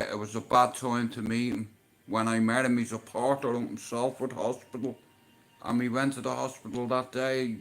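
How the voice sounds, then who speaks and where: A man hosting a livestream, telling a personal story in a casual, emotional way and swearing often. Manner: emotional, swears often, swings between low and loud. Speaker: livestream host.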